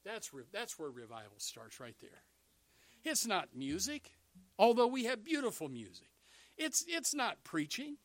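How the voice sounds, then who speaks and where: A man preaching a sermon, animated, swinging between loud bursts and hushed asides. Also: sits high, unhurried, dry recording.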